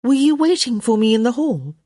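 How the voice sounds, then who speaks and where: A woman's voice: fairly high pitch, big pitch swings, brisk, mellow, no room sound, voice pushed up. A woman voicing a stubborn young unmarried lady who answers her mother in a dry, teasing way. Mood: wry.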